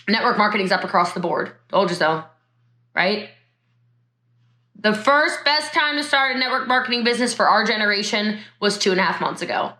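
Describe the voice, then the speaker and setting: A woman's voice: medium pitch, bright, forceful tone, roomy sound. A woman giving a motivational talk on network marketing over a video call from her home, emotional and laughing as she speaks straight to her viewers.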